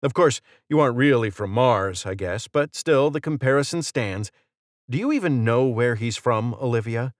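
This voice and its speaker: A man's voice: medium pitch, lively intonation, normal speed, dry recording, studio quality, lightly acted. A man reading the lines of a cocky male federal agent in an audiobook, mocking and chatty. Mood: smug.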